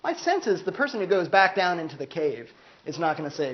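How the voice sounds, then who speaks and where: A man's voice: sits high, sing-song, fast talker, highs cut off. A male philosophy lecturer giving a casual, conversational class talk, often saying "like" and acting out quoted voices. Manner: conversational, peppers speech with "like", acts out quoted voices. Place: university classroom.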